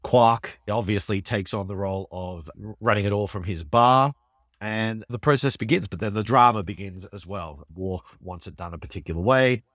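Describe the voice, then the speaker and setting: Male podcast co-host, low-pitched, eager recapper, dry close mic. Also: moderate pace, no echo. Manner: enthusiastic, animated storytelling with laughs. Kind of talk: casual chat recapping an episode.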